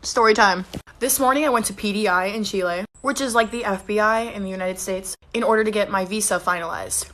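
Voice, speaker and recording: A woman's voice: medium pitch, brisk, fairly bright tone. A young woman telling a mischievous comic story, giggling often.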